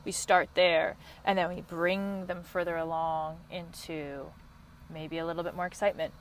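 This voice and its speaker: Woman podcast host and coach, lowish voice, passionate and quick, faint hum behind. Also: level tone, low-quality recording. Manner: passionate, quick, high-energy. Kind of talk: solo podcast talk.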